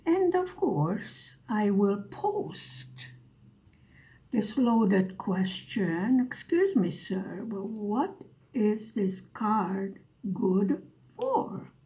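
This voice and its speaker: A woman's voice: medium pitch, big pitch swings, very slow, warm tone. A woman vlogger telling a story in a dry, sarcastic way as she chats over her craft. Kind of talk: casual storytelling while diamond painting.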